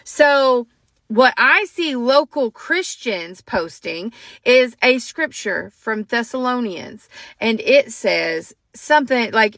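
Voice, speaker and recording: A woman's voice: on the high side, animated, takes it slowly, fairly bright tone, dry recording. A woman ranting angrily to the camera, upset and shaking, profane and emphatic. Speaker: social media commentator. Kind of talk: angry rant to camera.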